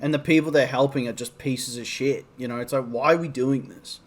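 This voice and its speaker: A young man talks through a TV episode in a loose, rambling review, with his nose audibly stuffed up. His voice sits at an ordinary middle pitch, and he fills the gaps with ums and likes and drops the odd swear word. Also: fairly even intonation, fairly quick. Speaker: TV show reviewer. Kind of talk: casual spoken review.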